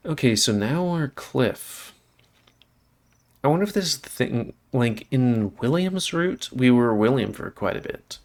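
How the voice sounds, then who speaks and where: A man's voice: mid-range voice, animated, unhurried, darkish tone. A man hosting a gaming video, reading a visual novel aloud with casual asides between passages.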